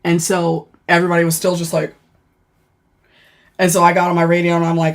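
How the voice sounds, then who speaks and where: A woman's voice: on the low side, brisk, pauses often. Woman animatedly telling a work story. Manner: animated, profane, laughing and dramatizing; chatty with many fillers. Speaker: former corrections officer. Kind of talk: casual livestream storytelling.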